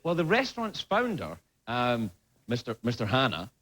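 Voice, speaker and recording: Animated Scottish man doing a comedy monologue. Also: mid-range voice, normal speed. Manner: rambling, animated, stammering restarts. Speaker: late-night talk show host. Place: TV studio. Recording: loud background noise.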